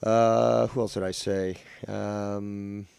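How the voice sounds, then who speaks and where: A man's voice: on the low side, takes it slowly, gravelly, clean tone, no room sound. A man hosting a livestream show, talking casually, rambling and swearing. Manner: rambling, profane, animated.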